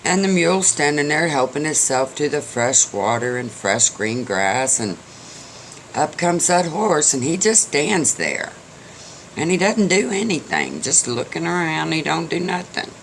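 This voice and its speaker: A man's voice: a little high, sing-song, a little slow, a bit bright, slight background noise. Folksy older man telling a story. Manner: folksy, joking, chatty. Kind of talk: casual storytelling.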